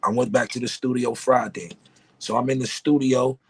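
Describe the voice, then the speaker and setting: A man's voice: medium pitch, steady tone, moderate pace, gravelly, husky, no room sound. A middle-aged man from Harlem, a guest rapper telling a laid-back, profane story. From Harlem, New York. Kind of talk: casual storytelling.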